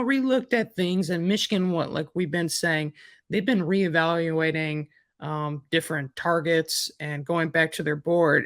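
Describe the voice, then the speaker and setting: Bright-voiced Midwestern man, rambling. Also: on the high side, no echo, clean studio sound. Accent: Midwestern American. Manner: rambling, many fillers and restarts. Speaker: recruiting analyst co-host. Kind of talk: casual sports podcast chat.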